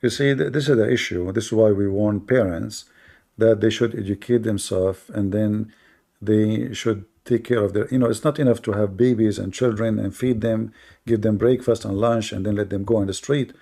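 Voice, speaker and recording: A man's voice: fairly low pitch, steady tone, normal speed, vocal fry, dark tone. A man hosting a live religious debate, emphatic and repetitive, with many hesitations. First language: Arabic. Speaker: debate host.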